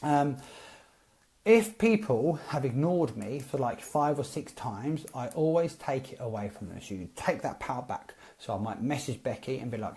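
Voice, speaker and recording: Chatty man with a mellow voice. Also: medium pitch, moderate pace. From Britain. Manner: chatty, animated, acts out both sides of text chats. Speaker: network marketing coach. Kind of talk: casual live-stream advice.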